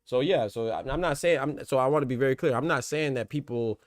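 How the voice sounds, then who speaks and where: A congested man runs a casual boxing podcast at a quick clip, circling back over his own words. His voice is close and dry, with no room around it. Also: medium pitch, dry recording. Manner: rambling, repeats words, talks to chat. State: stuffed up. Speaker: podcast host.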